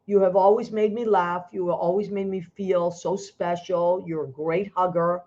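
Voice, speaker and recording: A woman's voice: lowish voice, steady tone, moderate pace, mellow. A woman hosting a talk show over a video call, emotional and effusive, restarting her sentences as she speaks. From Italian-American. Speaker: host. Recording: dull lo-fi video call audio.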